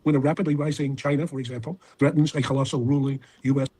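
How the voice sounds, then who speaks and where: A male professor speaking in an interview clip, laying out his analysis in a steady, explanatory way. His voice is mellow and slightly husky, and he talks quickly. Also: medium pitch. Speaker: professor and foreign-policy expert. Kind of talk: interview answer.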